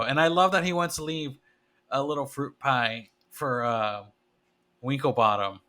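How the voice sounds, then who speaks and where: A man's voice: medium pitch, moderate pace, bright, forceful tone. A man co-hosting a podcast, chatting enthusiastically and laughing easily. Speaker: podcast co-host. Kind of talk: casual chat.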